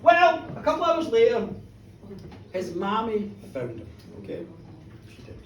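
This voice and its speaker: Animated storyteller in a pub. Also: mid-range voice, a little slow, noisy background. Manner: animated, teasing the audience, acting out voices. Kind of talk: live comic horror storytelling. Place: pub, live audience. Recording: echoey pub room, distant mic.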